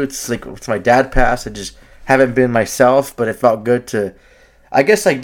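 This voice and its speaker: A man co-hosting a sports podcast, talking in an excitable, profane, rambling way with many restarts. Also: mid-range voice. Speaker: podcast co-host. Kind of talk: heated sports talk.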